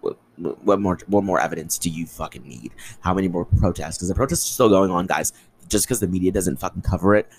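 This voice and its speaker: A man's voice: low-pitched, creaky, low-quality recording. A young man hosting a solo podcast, ranting in an impassioned, angry way with lots of swearing. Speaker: podcast host.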